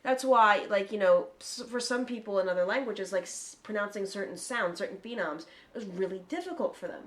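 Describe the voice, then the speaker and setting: A woman's voice: mid-range voice, fairly quick, few pauses. Chatty, swearing woman podcast host. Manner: lively, chatty, swears freely, explains at length. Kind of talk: casual chat.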